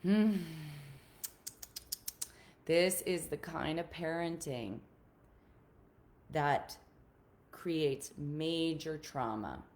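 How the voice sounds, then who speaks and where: A woman's voice: sits low, very slow, pauses often. A woman relationship coach talking casually on a live stream to her group, earnest and encouraging, often repeating her key points.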